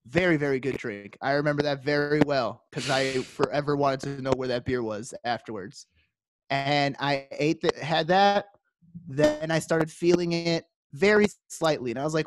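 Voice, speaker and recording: A man's voice: fairly high pitch, dry recording. A man co-hosting a podcast, telling a story in a casual way and acting out quoted dialogue with animation. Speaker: podcast co-host.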